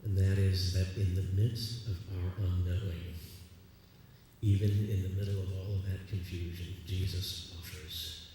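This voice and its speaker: A man with a deep, mellow voice preaches a sermon, sharing a personal story in a conversational, confessional tone. He sounds far from the microphone, and his words ring through a long, echoing church hall with faint room noise behind. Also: flat delivery, a little slow. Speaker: pastor.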